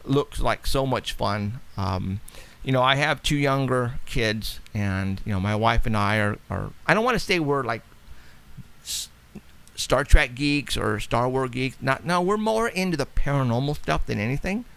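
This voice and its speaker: Gravelly-voiced man hosting a chatty show. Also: mid-range voice, animated, a little slow, a bit bright. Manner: rambling, chatty, laughs often. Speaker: radio show host. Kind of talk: casual radio talk.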